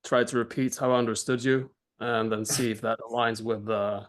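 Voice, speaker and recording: A man's voice: mid-range voice, flat delivery, normal speed. A man in an online group dialogue, carefully restating what he understood, thorough and searching for words. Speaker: group participant.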